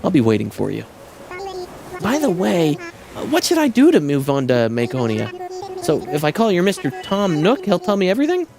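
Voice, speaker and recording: A streamer reading a game's dialogue aloud, voicing an aloof young male goat who drawls in a lazy, mellow way. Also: medium pitch, wildly swooping pitch, normal speed, gravelly. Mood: laid-back.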